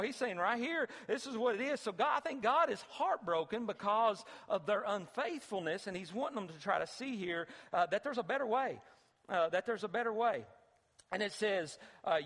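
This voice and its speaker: A man's voice: sits high, fairly bright tone, in a large hall. A man preaching a sermon as pastor in a church sanctuary, talking in a conversational way with repeated phrases and sudden emphatic bursts.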